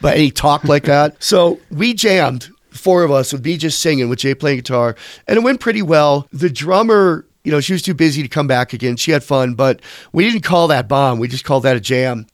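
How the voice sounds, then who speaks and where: A man's voice: a little high, moderate pace, no room sound, studio quality. A man in his fifties, a musician being interviewed, telling long casual stories in a rambling, profane way. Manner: rambling, profane, slips into quoted voices.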